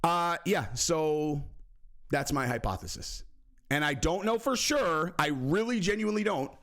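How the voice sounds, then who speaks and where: Man, vlog host, lively pitch, high-ish voice, profane, jokey. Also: a little slow. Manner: animated, profane, jokey, many fillers. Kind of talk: casual vlog commentary.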